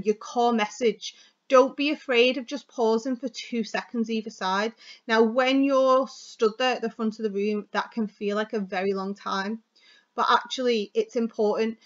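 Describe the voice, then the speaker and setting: Fast-talking woman teacher, lo-fi. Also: a little high. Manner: chatty, fast and expressive, stressing words for effect. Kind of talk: classroom lesson on speech delivery.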